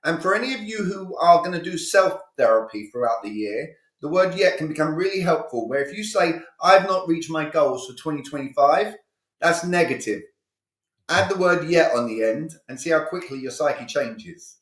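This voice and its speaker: A man's voice: fairly high pitch, animated, normal speed, fairly bright tone, reverberant. A male communication coach giving a live online sales training, talking energetically and with emphasis, acting out sales dialogues.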